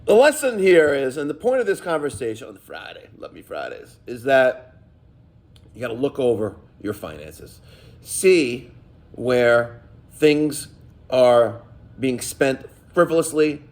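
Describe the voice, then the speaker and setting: A man's voice: mid-range voice, big pitch swings, slow. A middle-aged man, a plumbing contractor telling stories and giving advice in a casual, emphatic, profane vlog rant.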